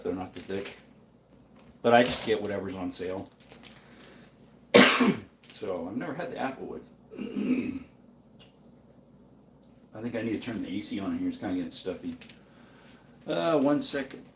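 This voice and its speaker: A man's voice: lowish voice, animated, moderate pace, pauses often, a little hiss or hum. A man chatting casually on a live stream while he cooks, sleepy and rambling as he talks to his viewers. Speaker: live streamer cooking breakfast. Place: home kitchen, indoors. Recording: roomy kitchen, mic off at a distance.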